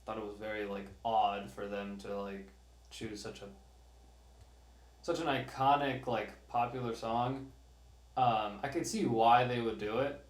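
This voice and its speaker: Casual male co-host, animated and profane, medium pitch, echoey room. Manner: animated, swears a lot, ranting. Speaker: podcast co-host. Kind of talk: casual chat.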